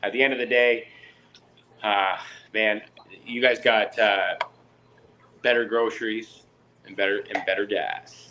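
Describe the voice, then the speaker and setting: Against a noisy background, a Canadian fish keeper speaks unhurriedly in a lowish voice, pausing often. In casual live-chat conversation he tells stories with animation, performing both sides of each exchange.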